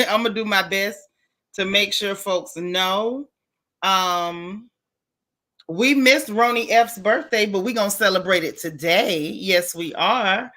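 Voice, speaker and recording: Bright-voiced woman chatting on a livestream. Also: on the high side. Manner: warm, chatty, Southern American slang, greets viewers one by one. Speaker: livestream host. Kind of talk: casual livestream chat greeting viewers.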